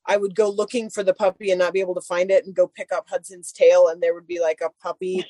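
A woman's voice: lowish voice, little pitch movement, fast, warm tone, no echo. A woman chatting casually and telling a long story about her dogs, full of "like" fillers. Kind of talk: casual chat.

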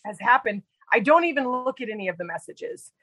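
Animated woman telling stories. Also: a little high, a little fast, husky, poor audio. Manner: animated, lots of quoted dialogue and fillers. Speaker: guest storyteller. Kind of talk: casual storytelling.

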